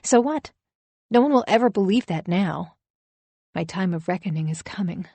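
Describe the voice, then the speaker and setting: A woman reading a first-person audiobook thriller, wry and anxious in her telling. Her voice sits on the low side. The recording is close and dead dry. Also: expressive, moderate pace, a little mellow, no room sound. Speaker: audiobook narrator.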